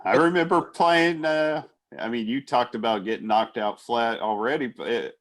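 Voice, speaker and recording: A man talks in a mid-pitched voice, easygoing and conversational. He restarts sentences often and laughs easily as he reminisces. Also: moderate pace, fairly bright tone. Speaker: podcast co-host. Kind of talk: casual chat.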